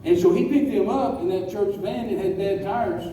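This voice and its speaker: A man preaching a folksy storytelling sermon, slowing down to stress key words. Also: sits high, dark tone. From West Texas. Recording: echoey hall, distant mic, faint noise.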